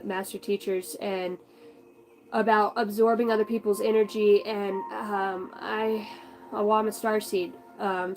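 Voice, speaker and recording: A woman's voice: medium pitch, darkish tone, low-quality recording. A young woman in a rambling, chatty vlog, doing a spiritual card reading and talking casually, with the odd swear word. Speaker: spiritual channel host.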